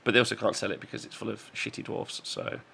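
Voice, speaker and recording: Gravelly, bright-voiced man hosting a chat. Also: lowish voice, little pitch movement, slight background noise. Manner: swears freely and laughs between rapid asides. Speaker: podcast host. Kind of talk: casual banter on a live stream.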